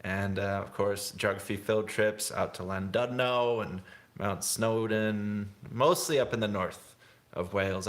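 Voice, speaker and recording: Man, young, low-pitched voice, rambling live-stream chat, laid-back, laughs a lot. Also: fairly bright tone. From England. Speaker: snowboard vlogger hosting a livestream.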